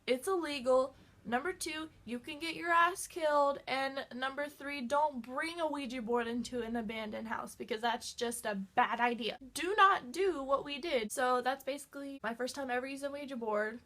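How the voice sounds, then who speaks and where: A woman vlogger telling a story in casual chat, excitable and full of "like". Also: sits high. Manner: excitable, fills talk with "like".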